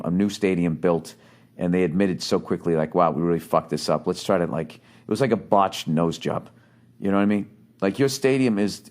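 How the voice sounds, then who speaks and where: A man's voice: fairly low pitch, darkish tone. A man on a podcast delivers advice as a comic rant. He is blunt and profane, swears freely, and wanders through restarts and fillers as he goes. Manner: loose and rambling, with fillers and restarts. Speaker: podcast host answering a listener's letter.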